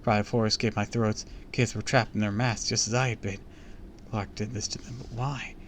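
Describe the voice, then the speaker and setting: A man's voice: fairly low pitch, fairly even intonation, fairly quick, slight background noise. A man reading a book aloud on a live stream, with small slips and casual asides to his chat.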